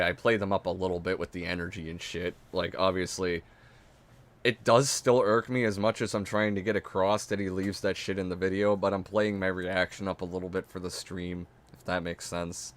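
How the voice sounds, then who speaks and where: A man with a Canadian accent doing profane, exasperated reaction commentary on stream. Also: deep voice. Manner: exasperated, profane, loud mocking outbursts.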